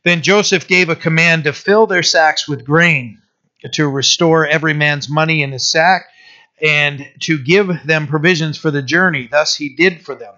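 A man's voice: a little high, moderate pace, pushed and bright, dull audio. A man preaching as pastor, reading scripture aloud and explaining it in a conversational way, often checking in with "right?". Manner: conversational, many fillers, asks listeners "right?".

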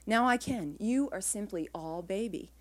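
A woman's voice: mid-range voice, lively intonation, normal speed, close to an everyday voice. A woman reading the lines of a chipper, fatherly middle-aged male obstetrician in a literary reading. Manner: warm, assured, doctorly.

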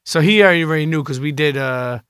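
A man's voice: on the high side, fast talker, a bit bright, smooth, dry recording, studio quality. A man hosting a podcast interview, telling loose stories full of slang and profanity. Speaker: podcast host. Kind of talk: casual interview chat.

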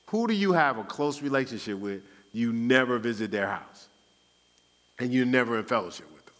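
A man giving conversational Bible teaching, animated and acting out everyday talk. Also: medium pitch, moderate pace, long reverb tail. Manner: animated, acts out everyday speech. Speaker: Christian teacher. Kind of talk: conversational preaching.

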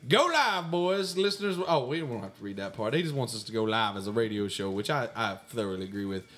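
A man, co-hosting a comedy show and answering listener mail in a mock-pompous voice. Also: fast talker. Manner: mock-pompous, swings between high squeaks and low mutters. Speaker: podcast co-host answering fan mail in character.

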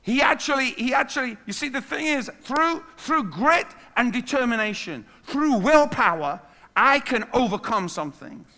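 A man's voice: very high voice, expressive, normal speed, pushed and bright. A male pastor preaching a sermon in an emphatic way, repeating key phrases for weight.

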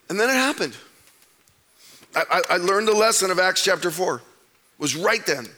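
A man preaching a sermon, telling a story with animated swings between loud outbursts and hushed drops. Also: sits high. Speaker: pastor. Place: church stage.

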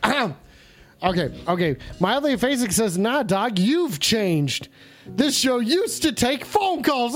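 A man's voice: very high-pitched, sing-song, measured pace. A man hosting a comedy call-in show, with crude, mock-sincere, rambling banter.

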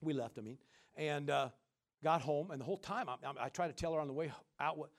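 A middle-aged man preaching a sermon as senior pastor, swinging between loud, animated bursts and quiet asides while calling out to the congregation. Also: on the high side, fast. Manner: calls out to the congregation.

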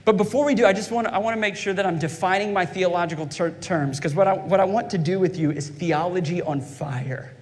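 A man's voice: high-pitched, fairly quick, few pauses. A man preaching a fervent sermon as pastor, calling out to his congregation. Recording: long hall reverb.

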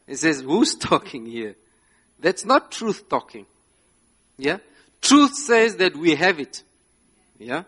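Slow, emphatic man preaching. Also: a little high, a bit bright. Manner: emphatic, repeats "Yeah?" to the congregation; laughs between phrases. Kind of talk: sermon. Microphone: slides shown, speaking to a live congregation.

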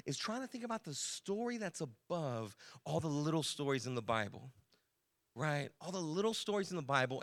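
A man serving as lead pastor, giving a casual, chatty sermon to his congregation in a church, full of fillers and self-corrections. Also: medium pitch. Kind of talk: conversational sermon.

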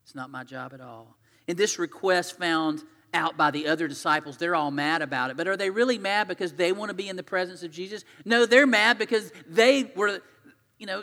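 Male pastor, slightly high and bright, chatty storytelling sermon that swings loud to quiet; long hall echo.

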